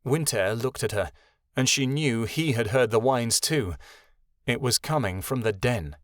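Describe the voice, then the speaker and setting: A man reading a fantasy audiobook as narrator, in a steady, measured way. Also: mid-range voice, no echo, studio quality. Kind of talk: scripted narration.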